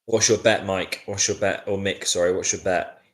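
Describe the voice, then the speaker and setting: Weary, deep-voiced man reacting live. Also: fairly even intonation, normal speed, fairly bright tone. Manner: frustrated, weary, chatty with viewers. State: sleepy, yawning. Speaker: watchalong host. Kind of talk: casual live match reaction.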